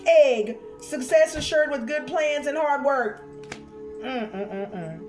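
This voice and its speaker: A woman doing a spiritual card reading for her viewers, expressive and chatty, calling them honey and y'all. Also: high-pitched, measured pace, music in the background.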